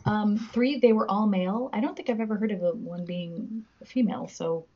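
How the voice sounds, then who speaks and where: A woman's voice: mid-range voice, moderate pace, highs cut off. A woman guest in a casual podcast chat, giggly and self-deprecating as she reads out facts. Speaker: guest, musician.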